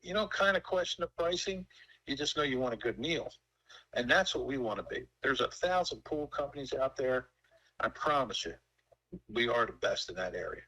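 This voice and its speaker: Folksy man in his sixties, bright. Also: medium pitch, lively intonation, moderate pace, rough recording. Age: 60s. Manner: folksy, emphatic storyteller. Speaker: pool company owner. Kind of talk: casual sales call.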